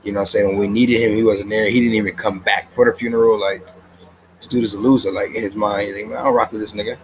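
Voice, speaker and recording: Low voice guy doing a chill anime review at home, slangy, rambly, lots of laughs, faint noise. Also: little pitch movement, quick pace, poor audio. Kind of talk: casual episode review.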